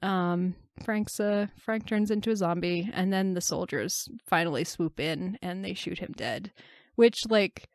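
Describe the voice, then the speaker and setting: A young woman co-hosting a film podcast, recapping the plot in casual chat, wry and quick to laugh, slowing down as she narrates the scenes. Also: fairly low pitch, no room sound, studio quality. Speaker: podcast co-host.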